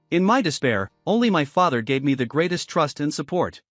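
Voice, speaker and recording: A man's voice: a little high, very animated, brisk, fairly bright tone, no echo, clean studio sound, soft background music. A man telling a dramatic romance story in the first person as scripted narration.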